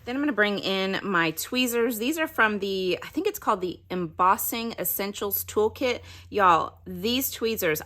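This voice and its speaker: A woman's voice: medium pitch, animated, normal speed, hardly any pauses, fairly bright tone. A woman giving a casual craft tutorial, chatting and explaining each step as she works. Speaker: craft demonstrator.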